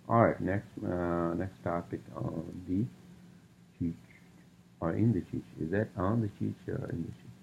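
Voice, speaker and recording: A man's voice: low-pitched, gravelly, darkish tone. A man hosting a solo podcast, ranting and rambling with heavy swearing and many fillers, on a dull lo-fi recording. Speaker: podcast host. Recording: dull lo-fi sound with faint noise.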